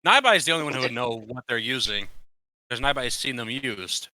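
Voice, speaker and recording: A man's voice: medium pitch, expressive, brisk, sharp tone, poor audio. A man running a tabletop game as game master, talking in a casual, profane, playful way.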